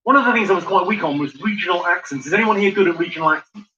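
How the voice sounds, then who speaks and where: A man's voice: sits high, very fast. A man doing a stand-up routine, dry and crude, teasing the crowd from a comedy club stage. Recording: muffled live recording with noise.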